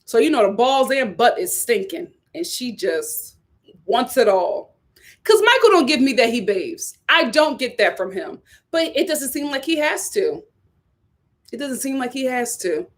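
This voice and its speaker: Woman, live-stream reality-tv commentary, fairly high voice, swings from loud outbursts to low mutters. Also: measured pace. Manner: animated, repeats lines for emphasis, swings between loud outbursts and low mutters. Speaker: YouTube reality-TV reviewer.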